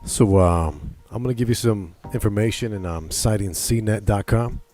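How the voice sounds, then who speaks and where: Energetic fact-citing male host. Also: on the low side, moderate pace, faint music behind. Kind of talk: interview questions.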